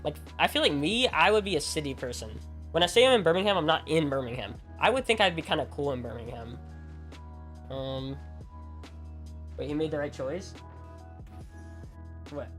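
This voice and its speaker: A man from Alabama who streams games, chatting casually with viewers in a rambling way, full of "like" and restarts. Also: fairly high pitch. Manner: rambling, heavy use of "like", frequent restarts. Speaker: game streamer. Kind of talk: casual chat with viewers while gaming.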